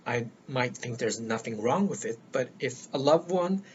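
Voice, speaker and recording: This older man talks solo to camera at a normal speed, his medium-pitched voice animated as he gives earnest life-coaching advice. He is emphatic and repeats words to stress them. The sound is dull and lo-fi with a faint layer of noise.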